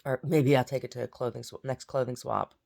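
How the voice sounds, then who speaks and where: A woman's voice: a bass voice, steady tone, brisk, gravelly, darkish tone. A woman vlogger chatting casually and meandering, repeating words and muttering asides to herself. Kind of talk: casual rambling chat.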